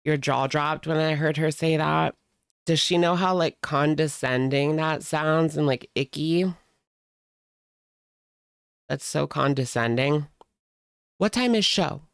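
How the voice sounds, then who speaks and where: A woman in a casual commentary video, unhurried and drawling, her voice slipping into a gravelly fry. She sounds sarcastic and chatty and keeps reaching for "like." The sound is dry and close, with no room around her. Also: sits low, fairly even intonation, dry recording. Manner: sarcastic, chatty, heavy use of "like". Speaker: commentary host.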